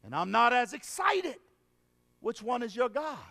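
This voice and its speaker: High-voiced preacher in a reverberant hall. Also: male voice, big pitch swings, creaky. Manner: call-and-response preaching, drawn-out phrasing, bursts of shouting. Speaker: evangelist preacher. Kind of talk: revival sermon. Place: large revival hall.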